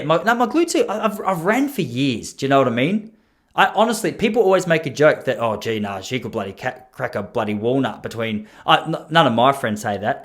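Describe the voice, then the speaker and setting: A man's voice: mid-range voice, a bit bright. An Australian man in his thirties hosting a podcast, rambling through a joking, self-mocking monologue. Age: 30s. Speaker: podcast host. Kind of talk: comedic monologue.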